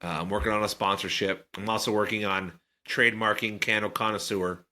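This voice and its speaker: A man's voice: lowish voice, fairly even intonation, fairly quick, bright, forceful tone. A man co-hosting a podcast, chatting in a rambling, joking way. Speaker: podcast co-host. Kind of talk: casual chat.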